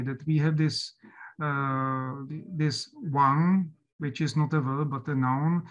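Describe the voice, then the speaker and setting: Hesitant, higher-voiced male lecturer. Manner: hesitant, many fillers and restarts. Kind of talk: academic lecture.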